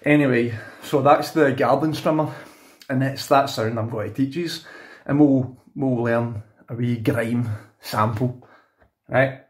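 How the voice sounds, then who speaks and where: A young Scottish beatbox tutor speaks in a medium-pitched, fairly even voice, a little slowly and with frequent pauses, in a casual video tutorial. His loose, chatty, rambling delivery is full of restarts, asides, self-corrections, and "you know what I mean."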